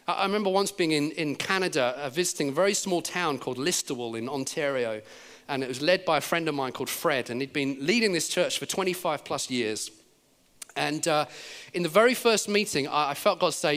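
An English man preaching a sermon at a church service, his voice sitting a little higher than most men's. He tells stories with lively energy and slips into the voices of the people he quotes. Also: brisk. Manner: animated storytelling, acting out quoted speech.

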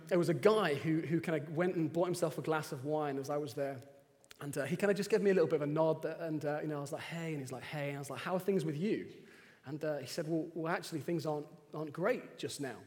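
A man's voice: fairly high pitch, darkish tone. A man preaching a sermon in a conversational way, telling personal stories with animation. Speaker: pastor. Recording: reverberant hall.

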